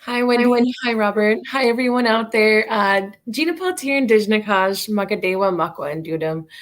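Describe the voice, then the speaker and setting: A woman from North Dakota reading the news on a radio show, friendly and quick to laugh between steady reading. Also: mid-range voice. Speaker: news reader.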